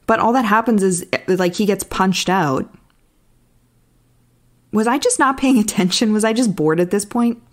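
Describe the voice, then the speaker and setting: A woman's voice: mid-range voice, moderate pace, long pauses. A young woman co-hosting a movie podcast, making wry, dry asides in casual chat. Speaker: podcast co-host.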